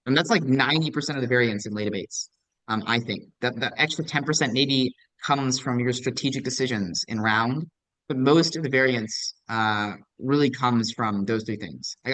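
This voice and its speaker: A man's voice: mid-range voice, a bit bright, dry recording, poor audio. A young man giving a casual lecture as a debate coach, answering student questions with lots of ums and likes, patient and encouraging. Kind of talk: recorded lecture with audience questions.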